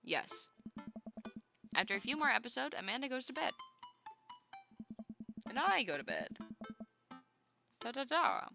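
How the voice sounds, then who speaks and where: Woman streamer reading a dating game out loud, lively pitch, game music going behind. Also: measured pace, vocal fry, long pauses. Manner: playful, chatty.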